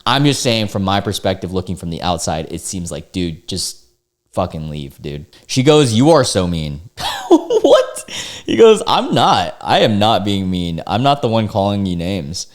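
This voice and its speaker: A young man with a lowish voice, reading out forum posts in a casual commentary. He reacts bluntly, cursing often, and drops exasperated asides between the quotes. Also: animated, moderate pace. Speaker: online video host reading forum posts.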